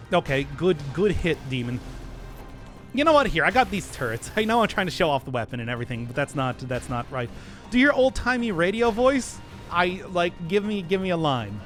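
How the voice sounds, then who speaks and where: A young man streaming a game, chatting and rambling as he plays, often laughing. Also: on the high side. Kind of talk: live gameplay commentary.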